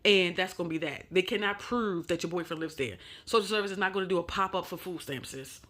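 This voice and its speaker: A woman's voice: fairly low pitch, fast talker, a bit bright. Blunt, scolding woman host. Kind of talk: reaction commentary.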